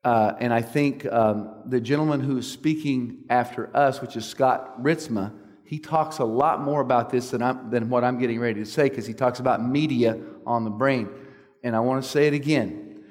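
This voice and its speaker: A man's voice: medium pitch, normal speed, a little mellow, long reverb tail. A man giving an earnest preaching talk, often checking in with his listeners with questions. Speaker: speaker at a church meeting.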